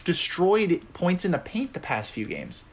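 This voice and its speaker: A young man co-hosting a casual sports podcast, talking in an animated way that is full of "like" and "dude". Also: sits high, unhurried. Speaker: podcast co-host.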